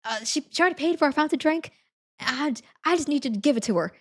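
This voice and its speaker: A woman's voice: sits high, animated, quick pace, pitched above the performer's own voice. A woman voicing a frazzled female drink-stand worker, repeating herself in a flustered rush. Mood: hurried.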